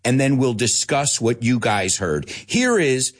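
Lively chatty male English teacher. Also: medium pitch, unhurried. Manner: lively, chatty, drops Spanish words in, laughs often. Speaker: English teacher and show host. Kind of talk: live online English lesson.

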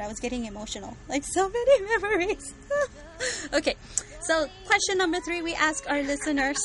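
Giggly woman gushing about a book on a podcast, high voice, music playing behind. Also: fairly bright tone, poor audio. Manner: bubbly, giggly, reads out listener comments. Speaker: podcast co-host. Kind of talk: casual chat about a book series.

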